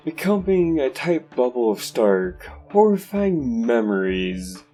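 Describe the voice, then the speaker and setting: A man narrating a horror story slowly and dramatically. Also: medium pitch, dark tone. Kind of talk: dark horror story reading.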